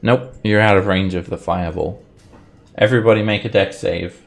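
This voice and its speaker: A man narrating combat as game master of a tabletop game, relaxed and descriptive. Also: fairly low pitch, moderate pace, gravelly, faint music behind.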